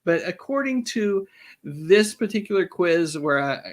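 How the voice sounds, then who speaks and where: A man hosting a live-stream trivia quiz, chatty and reading out the answer choices slowly. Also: sits high, animated. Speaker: host.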